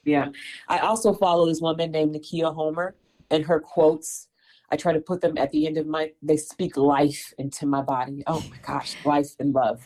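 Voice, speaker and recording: A woman's voice: sits low, flat delivery, moderate pace, a little mellow, low-quality recording. A woman runner being interviewed on a podcast, talking effusively and emotionally and breaking into exclamations like "woo" and "ooh.". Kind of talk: conversational interview.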